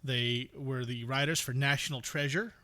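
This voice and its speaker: A man's voice: medium pitch, steady tone, normal speed, sharp tone. A man hosting a movie podcast, chatting casually and reading out film credits with dry sarcasm. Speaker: podcast host. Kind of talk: casual movie review chat.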